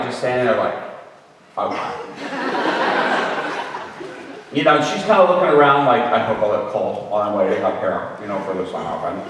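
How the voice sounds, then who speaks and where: Animated preacher in an echoey hall. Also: male voice, on the high side, distant mic, slight background noise. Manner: animated, acts out voices in his story. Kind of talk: storytelling sermon.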